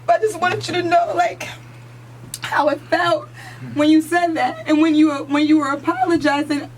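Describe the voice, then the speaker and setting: A woman's voice: high voice, little pitch movement, moderate pace, slight background noise, rough recording. A woman from the United States co-hosting a radio morning show, speaking earnestly and emotionally, close to tears at times and repeating herself. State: crying at times.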